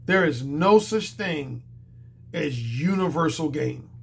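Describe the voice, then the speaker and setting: Hoarse man lecturing emphatically. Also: a little high, lively intonation, slow. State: hoarse, strained voice from a cold. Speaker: dating coach. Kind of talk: monologue to camera.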